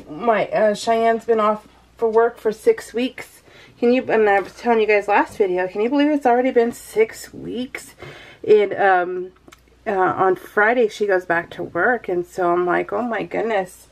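A woman's voice: medium pitch, darkish tone, poor audio. A young woman with a stuffed-up voice from the flu, rambling in casual chat as a scrapbooking vlogger and sighing often. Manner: chatty, rambling, sighs often. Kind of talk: casual chat while crafting.

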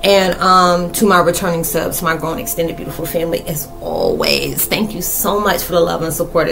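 A woman's voice: sits low, expressive, fairly quick, gravelly. Woman, young adult, casual spiritual vlog, rambling, laughs easily, faint background music. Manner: rambling, playful, laughs often. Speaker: spiritual vlogger.

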